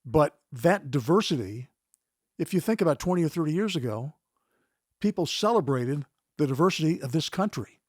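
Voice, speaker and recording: Measured older male news anchor. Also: on the high side, expressive, dry recording, studio quality. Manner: measured, reflective. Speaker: guest, longtime news anchor. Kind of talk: thoughtful interview answers.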